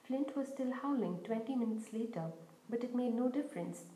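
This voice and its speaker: Woman narrator for a reading podcast, fairly high, dark mellow tone, echoey room. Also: moderate pace. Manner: steady storytelling reading. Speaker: audiobook podcast host. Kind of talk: audiobook narration.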